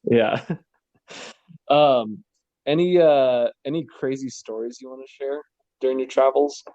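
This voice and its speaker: A man's voice: mid-range voice, unhurried, mellow, no echo, dull audio. A man hosting a casual chat, laughing often and asking about travel stories. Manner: laughs often, short replies. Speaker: podcast host.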